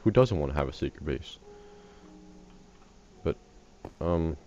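This tired US gaming host, just awake, has an extremely low, somewhat mellow voice that is expressive and a bit slow. He wanders and jokes through easygoing game commentary, easily pulled off track, on a dull lo-fi recording with faint hiss.

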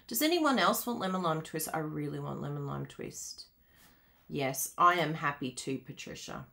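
A woman's voice: sits low, expressive, normal speed, vocal fry, sharp tone. A woman demonstrating card-making live, chatting with viewers, laughing often and reading out their comments. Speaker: craft demonstrator.

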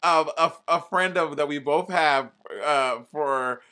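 Male podcast co-host, slightly high, tense bright voice, expressive and laughing. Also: smooth. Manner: expressive, quick to laugh, acts out quotes. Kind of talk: casual chat.

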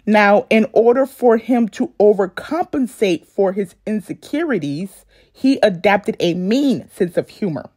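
A woman's voice: medium pitch, lively intonation, unhurried, dark tone, husky, dry recording, studio quality. A woman narrating a celebrity life story in a chatty video style, with casual asides to her viewers. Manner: chatty asides, self-conscious about censored words. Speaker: YouTube narrator.

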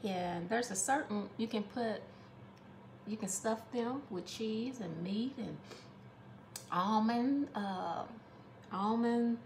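A woman's voice: fairly high pitch, slow pace, pauses often, reverberant, slight background noise. A woman chatting through a home cooking demonstration, affectionate and talkative, calling her viewers honey.

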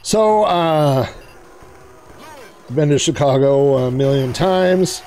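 A man hosting a retro gaming video, giving casual, excitable gameplay commentary and chatting to the players on screen. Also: on the high side, slow, slight background noise.

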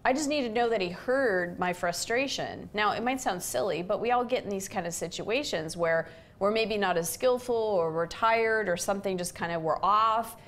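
Speaking at a normal speed with a medium pitch, a middle-aged woman hosting a relationship chat shares an everyday anecdote, bringing the quotes to life with lively delivery.

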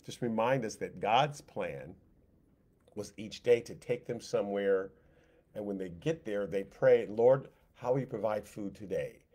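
Animated man teaching a Bible lesson. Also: lowish voice. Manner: animated, voices God and the people in quick asides; conversational, repeats phrases. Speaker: Sunday school teacher.

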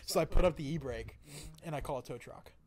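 A man's voice: a little high, fast, a loud crowd. A young man co-hosting a podcast, telling a rambling story in casual chat, full of "like" and "you know". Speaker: podcast co-host. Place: small home podcast studio.

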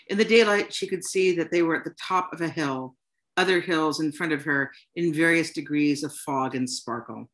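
A woman author reading her own short story aloud to an audience, in a plain, unhurried storytelling manner. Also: deep voice. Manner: unhurried, plain storytelling delivery with soft "um" fillers.

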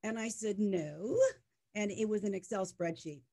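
Middle-aged woman founder, interview guest, emphatic and animated, mid-range voice. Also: medium pitch, fairly quick. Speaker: media tech startup co-founder, guest. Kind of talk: conversational interview.

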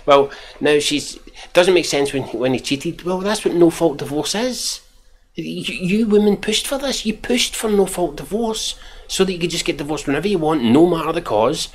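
A man's voice: a little high, animated, normal speed. A Scottish man giving mocking, profane reaction commentary while reading out tweets. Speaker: commentary channel host.

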